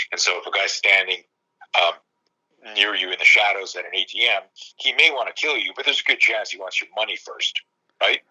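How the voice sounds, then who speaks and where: A man in his fifties, a self-defense coach telling stories in casual conversation, animated and profane, acting out quoted dialogue. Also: low-pitched, breathy edge, low-quality recording.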